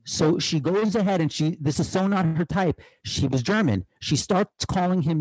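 Animated man with a New York accent. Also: normal speed, hardly any pauses, slightly rough, dry recording, low-quality recording. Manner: animated storyteller, pitch jumps up when excited. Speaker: podcast host. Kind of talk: casual interview chat.

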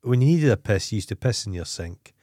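A man's voice: on the low side, lively intonation, fast talker, warm tone, no echo, clean studio sound. A Scottish man co-hosting a podcast, telling crude, blunt stories in casual chat. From Scotland. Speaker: podcast co-host.

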